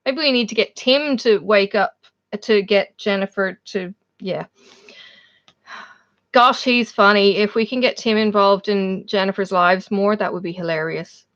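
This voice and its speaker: A woman's voice: medium pitch, unhurried, a bit bright. A woman with an Irish accent hosting a casual live chat, laughing often and calling out her viewers by name. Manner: chatty, laughs often, reads out viewers' names. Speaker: livestream host. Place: home, in Australia. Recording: dull lo-fi stream audio.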